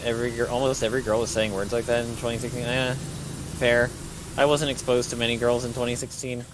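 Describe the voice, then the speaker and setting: A man's voice: mid-range voice, level tone, fast talker. A young man guesting on a game stream, joking and teasing his co-host in casual chat. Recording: noisy hissing mic.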